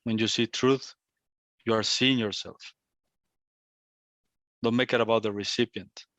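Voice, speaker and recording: A man's voice: on the low side, steady tone, a little slow, fairly bright tone, no echo. A man giving a reflective satsang talk as a spiritual teacher, repeating and circling back on his phrases. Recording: dull, lo-fi, dry.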